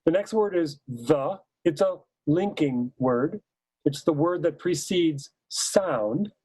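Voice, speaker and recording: A man explaining how choirs should shape a musical line, talking slowly and with warm, mellow weight on the words that matter. His voice sits a touch high for a man and sounds dry and close, as if recorded right at the mic. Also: expressive, slightly rough, no echo, low-quality recording. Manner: measured, emphatic, sings short hymn phrases to demonstrate. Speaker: choral music teacher. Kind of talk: instructional talk.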